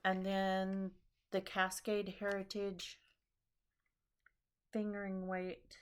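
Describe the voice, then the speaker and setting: A woman's voice: mid-range voice, completely flat delivery, takes it slowly, smooth. A tired woman hosting a casual knitting chat, rambling with lots of ums and restarts. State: tired after a long trip. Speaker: knitting podcast host.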